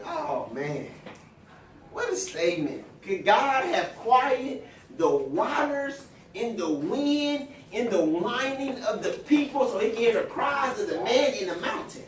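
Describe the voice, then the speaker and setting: A man's voice: very high voice, sing-song, unhurried. A man preaching to a Bible study group, exclamatory and call-and-response. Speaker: pastor leading Bible study. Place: church room with group. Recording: roomy echo, distant mic, background noise.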